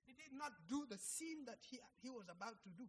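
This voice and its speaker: Impassioned high-voiced preacher in a reverberant hall. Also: male voice, lively intonation, brisk, very noisy. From Africa. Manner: impassioned, swings from shouting to hushed. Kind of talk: sermon.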